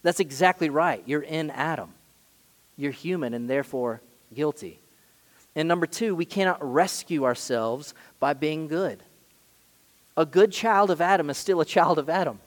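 A man preaching a sermon as pastor, emphatic, swinging between loud stresses and quiet asides. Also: on the high side, normal speed, long reverb tail.

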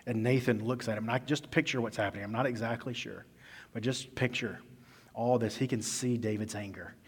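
Husky-voiced man preaching a sermon. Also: mid-range voice, fairly quick. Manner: conversational storytelling preaching, varies loudness for emphasis. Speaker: pastor. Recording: echoey hall.

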